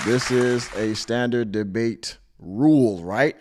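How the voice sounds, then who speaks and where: A man's voice: medium pitch, animated, unhurried, few pauses, loud music behind the voice, a loud crowd. A man hosting a live stream, reacting to a clip with wry, sarcastic asides. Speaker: podcast host reacting to a clip.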